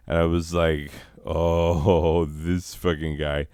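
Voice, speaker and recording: A man's voice: sits low, fairly even intonation, measured pace, hardly any pauses, a little mellow, smooth, no room sound, studio quality. A man hosting a comedy podcast, telling a rambling, profane story full of asides and self-corrections. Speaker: podcast host.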